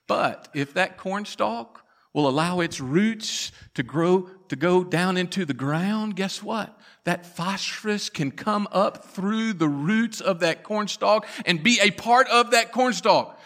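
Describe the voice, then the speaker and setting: Male pastor, high bright voice, preaching in a folksy storytelling style. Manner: folksy storytelling with dramatic pauses. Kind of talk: sermon. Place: church.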